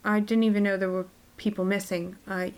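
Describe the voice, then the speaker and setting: A woman's voice: medium pitch, little pitch movement, brisk, a little mellow, close to an everyday voice. A woman voicing a nervous young female student in a tabletop game, evasive and flustered. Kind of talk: tabletop role-play.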